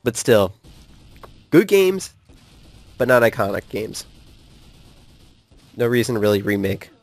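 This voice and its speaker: A man in a casual ranting chat, animated and laughing often, throwing in curses as he gets worked up. His voice sits at an ordinary middle pitch, and the sound is dry and close, with no room echo. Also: unhurried. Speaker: co-host of a gaming channel.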